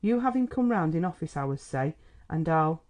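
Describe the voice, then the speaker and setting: A man's voice: a little high, expressive, normal speed, darkish tone, close to an everyday voice. A man reading a testy, stern old-fashioned doctor. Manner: testy and brusque. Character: stern, gruff middle-aged male country doctor. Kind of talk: audiobook character reading.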